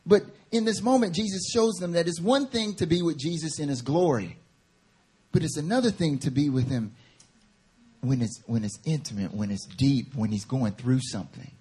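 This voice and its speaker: Male preacher, high husky voice, fervent sermon delivery that swells into passionate appeals. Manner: builds from quiet teaching to fervent, rising preaching. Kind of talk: sermon at a prayer meeting.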